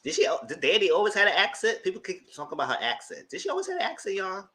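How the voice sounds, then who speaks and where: Sassy guy in riffing to his viewers, bright voice, pitch jumping all over. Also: fast. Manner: animated, sassy, laughs often. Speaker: host. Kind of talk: casual commentary chat.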